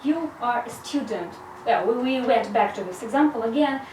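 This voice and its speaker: High-voiced woman teaching in an echoey room. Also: animated, a little mellow, slight background noise. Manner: slow, careful explanation with frequent "so". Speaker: English teacher. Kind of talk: video grammar lesson. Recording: echoey room, mic at a distance.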